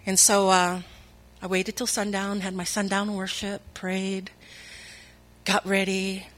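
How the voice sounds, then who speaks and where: A woman's voice: mid-range voice, completely flat delivery, slow pace, fairly bright tone. A woman telling a personal faith testimony in an earnest, emotional way, acting out the voices of people she quotes. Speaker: speaker sharing her testimony.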